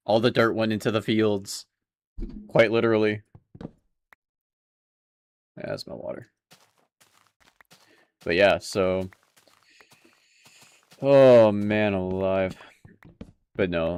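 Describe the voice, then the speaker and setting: A man's voice: lowish voice, steady tone, a little slow, long pauses, smooth, no room sound. Laid-back young man streaming a game. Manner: laid-back, chatty, laughs often, talks to chat. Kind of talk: casual gameplay commentary.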